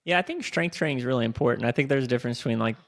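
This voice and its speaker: A man co-hosting a podcast, chatting casually and telling animated stories with some swearing. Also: mid-range voice, racing, dry recording, studio quality. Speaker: podcast co-host. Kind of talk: casual chat.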